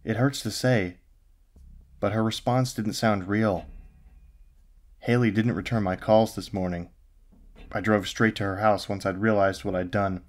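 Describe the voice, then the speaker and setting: A man's voice: lowish voice, steady tone, unhurried, pauses often. A man narrating a first-person horror story in a grim, haunted way.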